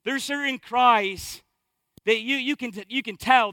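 A man's voice: very high-pitched, normal speed, pushed and bright, no echo. A man in his thirties, a pastor preaching a sermon in church, emphatic and repeating phrases to drive points home.

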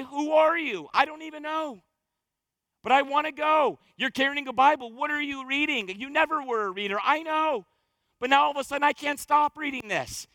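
A male pastor with a very high, bright voice, preaching from the pulpit in a fervent, exhorting sermon. He presses his points with urgent repetition. The sound is close and dry. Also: clean tone, no echo. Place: church stage.

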